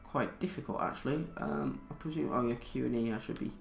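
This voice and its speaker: Hesitant gamer man, gravelly voice. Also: mid-range voice, brisk, echoey room, soft background music. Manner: hesitant, thinking aloud with many fillers. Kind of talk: let's play commentary, reading tutorial text aloud.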